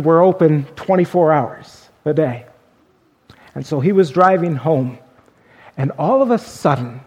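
Brief: male pastor, slow deliberate sermon delivery, slightly high voice, earnest. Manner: earnest, swings from emphatic to hushed. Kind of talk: sermon storytelling.

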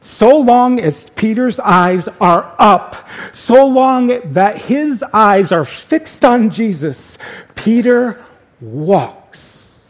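A man preaching a sermon as pastor, speaking slowly and deliberately with dramatic pauses. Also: high-pitched, lively intonation.

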